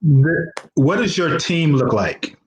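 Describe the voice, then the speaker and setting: A man hosting an interview, speaking in a relaxed, encouraging way. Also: on the high side, slow, noisy background. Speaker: interviewer, host. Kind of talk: conversational interview. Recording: roomy echo.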